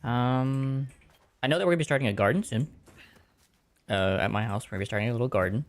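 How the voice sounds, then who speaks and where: A man chats loosely with his viewers while he plays, drifting from topic to topic. His voice sits at an ordinary middle pitch, and his delivery is relaxed and meandering. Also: fast talker. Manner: rambling, casual, chatting with viewers. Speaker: game streamer. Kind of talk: casual chat while gaming.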